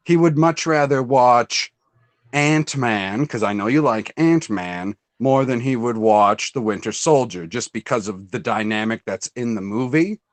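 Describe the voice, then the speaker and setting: A man with a lowish voice hosts a casual fan chat, telling stories with energy and acting out what others said in a raised voice. The recording is dry.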